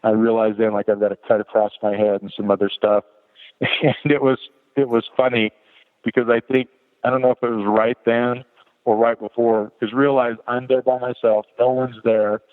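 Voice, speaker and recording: A middle-aged man appears as a podcast guest and tells a personal story in an interview, speaking in a medium pitch with little pitch movement at a moderate pace. He's candid and rambling, restarting often. The audio comes through a tinny phone line with long reverb.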